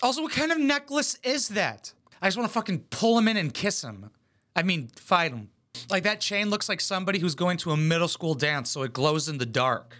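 A man's voice: high-pitched, expressive, a little fast, sharp tone. A man hosting a reaction video, giving blunt, mocking commentary full of swearing. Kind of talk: profane sarcastic commentary.

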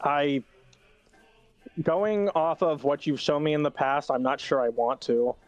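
A man playing a fighting game with a friend, swearing a lot and yelling in frustration. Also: a little high, a little slow, no echo, lo-fi sound, soft background music. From Latino. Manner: swears constantly, yells in frustration. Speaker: gaming YouTuber. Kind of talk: casual gameplay banter.

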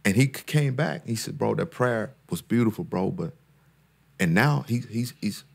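A man's voice: lowish voice, expressive, normal speed, vocal fry, husky. A man, a therapist and guest speaker, talking in a casual podcast conversation with an earnest, preacher-like cadence that climbs when he makes a point, often repeating words and restarting sentences.

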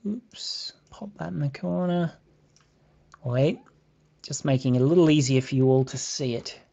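Speaking at an ordinary pace in a mid-range, creaky, dark-toned voice, this British man runs a live beading tutorial. He makes casual conversation with his viewers while counting beads out loud. The audio is lo-fi and slightly dull.

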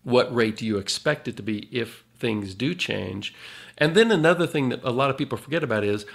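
A man, a financial advisor on a podcast, chatting in a relaxed way with chuckles and then explaining retirement planning. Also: mid-range voice, fairly quick, vocal fry. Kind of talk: casual podcast chat.

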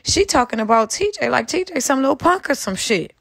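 A woman's voice: sits high, animated, brisk, vocal fry, fairly bright tone, no room sound, clean studio sound. Fired-up woman ranting to her viewers. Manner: angry, profane, talks straight to viewers. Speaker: commentary channel host. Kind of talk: heated casual commentary.

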